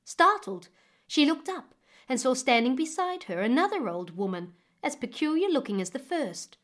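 A woman narrating a fairy tale expressively with dramatic pauses, as a storyteller reading a book. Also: sits high, expressive.

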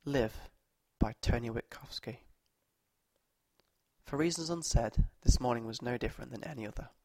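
A man reads short stories aloud in a mid-range voice, measured and steady. The recording is close and dry, with no room echo. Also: medium pitch, vocal fry. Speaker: narrator.

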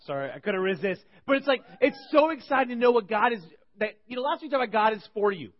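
A man in his thirties preaching to a church group, telling funny stories in an animated, rambling way. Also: sits high. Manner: animated, joking, rambling with restarts. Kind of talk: humorous sermon storytelling. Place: church service. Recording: dull lo-fi recording.

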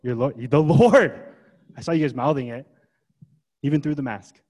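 A man's voice: medium pitch, normal speed, a little mellow. A man preaching a sermon as pastor, in a casual, conversational way full of rhetorical questions. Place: church gathering.

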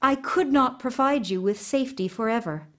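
A woman's voice: high voice, normal speed, voice pushed up, close to an everyday voice. A woman voicing a wise magical white mare. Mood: grave.

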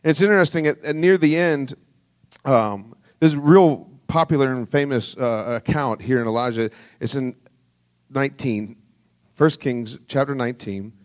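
Earnest male pastor preaching. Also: moderate pace. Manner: reads scripture aloud, dropping soft and low on solemn lines; earnest, conversational preaching with restarts. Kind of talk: sermon.

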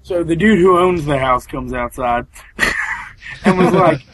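A man's voice: on the high side, a little slow, fairly bright tone, a little hiss or hum, poor audio. A young man in his twenties co-hosting a casual podcast over a remote call, telling a story with lots of swearing and mimicking other people's voices. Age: 20s. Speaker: podcast co-host.

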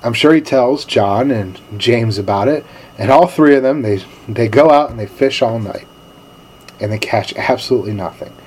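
A male pastor giving a sermon in a relaxed, storytelling manner with casual slang. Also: medium pitch, normal speed, breathy edge.

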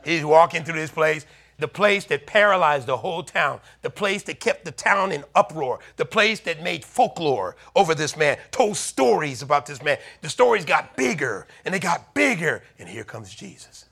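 An animated male preacher delivers a sermon in a high, bright voice. He retells the scripture dramatically, slipping into the voices of worried neighbors and calling to his listeners directly. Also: moderate pace, vocal fry, breathy edge. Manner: animated preaching, acting out townspeople's warnings.

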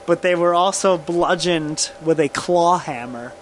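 Slow-talking man recounting a murder case. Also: a little high, noisy background. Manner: slow, halting, laughs often, drinking whiskey. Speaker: podcast co-host telling a true crime case. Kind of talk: casual profane chat.

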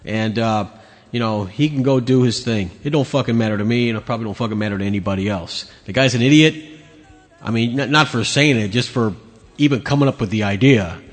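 A man hosts his own podcast, delivering an opinionated solo rant that's blunt, sarcastic and full of swearing. His mid-range voice moves a little fast, and a long reverb tail trails behind it.

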